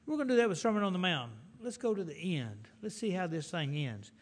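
A middle-aged man preaching a folksy sermon in an animated, storytelling way. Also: high voice, fairly quick.

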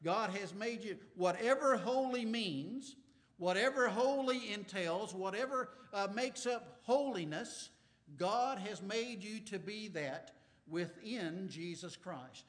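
High-voiced man preaching earnestly. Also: a bit bright. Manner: earnest, drawn-out emphasis with frequent "right?" asides; restarts and stammers, light sarcastic teasing. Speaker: pastor. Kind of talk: sermon.

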